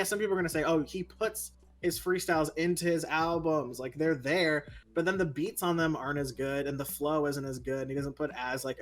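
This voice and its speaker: A young man co-hosting a casual chat, ranting in an animated, opinionated way. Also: a little high. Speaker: co-host.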